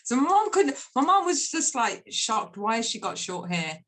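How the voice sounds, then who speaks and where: A woman's voice: on the high side, big pitch swings, moderate pace, a bit bright. A middle-aged woman, candidly telling her life story in a casual chat and slipping into Punjabi phrases when quoting her mother. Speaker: guest volunteer.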